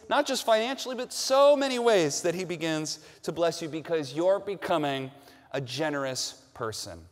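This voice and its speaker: High-voiced pastor preaching in a reverberant hall. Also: male voice, expressive, normal speed. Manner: emphatic, repeats phrases with rising force. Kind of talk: sermon. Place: large church sanctuary.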